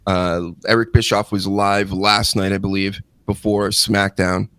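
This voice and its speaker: Bright-voiced ranting podcast host man. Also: little pitch movement, a little slow, clear, resonant tone, no echo. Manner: ranting, sarcastic, jumps high when mocking others. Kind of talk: casual wrestling podcast chat.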